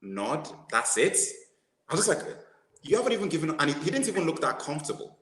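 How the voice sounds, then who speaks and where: A man co-hosting a casual movie discussion, talking in an animated way, restarting his sentences and laughing at his own jokes. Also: on the high side, very fast, roomy sound, poor audio. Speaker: podcast co-host.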